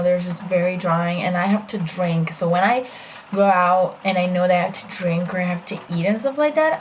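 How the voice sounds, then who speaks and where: A woman's voice: fairly low pitch, a little hiss or hum. A young woman chatting casually through a makeup tutorial as a beauty vlogger, self-deprecating and full of fillers.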